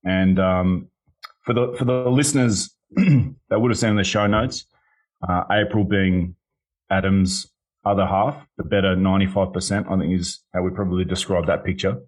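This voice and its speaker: Deep, husky-voiced podcast host. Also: male voice, fairly even intonation, normal speed. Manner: upbeat, enthusiastic, teasing. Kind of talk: casual chat.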